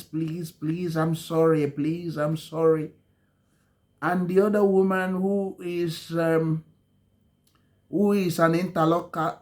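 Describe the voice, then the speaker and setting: A man telling a dramatic story slowly, pausing often with ums and correcting himself mid-sentence. His voice sits a little higher than most men's. Each phrase is stretched out for effect. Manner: halting, many ums and self-corrections, slow dramatic phrasing. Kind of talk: spoken storytelling.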